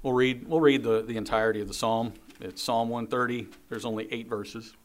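A man's voice: mid-range voice, fairly even intonation, brisk. A man preaching a sermon, reading scripture aloud and earnestly repeating key phrases. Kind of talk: sermon on a psalm.

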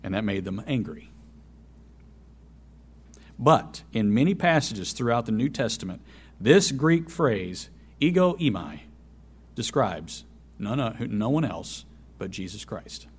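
A man preaching a sermon, who swings between loud emphasis and soft asides and repeats key phrases. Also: fairly low pitch, sing-song, slow, long pauses, husky.

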